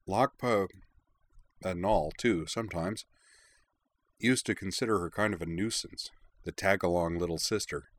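A man voicing a kind young man who speaks quietly with a wry, gentle tone. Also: low-pitched, measured pace, pauses often.

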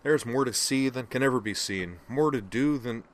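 A man's voice: lowish voice, lively intonation, normal speed, fairly bright tone. A man voicing an earnest, expansive human man in an audiobook reading, rambling and emotional.

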